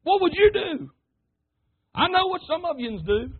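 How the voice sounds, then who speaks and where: A man preaching a sermon, fervent and calling out to his congregation, sometimes rising to shouts. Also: very high-pitched, big pitch swings, a little slow. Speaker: pastor. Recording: tinny phone-like sermon recording.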